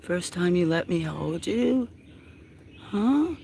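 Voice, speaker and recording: A livestream host chatting casually with viewers, switching to soft baby talk and hushed whispers for a kitten, outdoors near home. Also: mid-range voice, lively intonation, slow pace, gravelly, slight background noise. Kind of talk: casual live stream chat.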